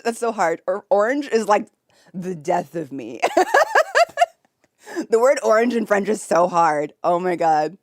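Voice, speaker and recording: A woman's voice: medium pitch, lively intonation, slow, pauses often, no echo, studio quality. A young American woman streaming from bed, chatting casually with viewers, reading chat aloud and laughing often. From United States. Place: home, in bed.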